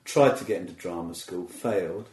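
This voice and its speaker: A deep-voiced man with a darkish tone and moderate pace chats as a comedian guest in a casual interview. He's loose and self-deprecating, often restarting his sentences, and the recording has a roomy echo.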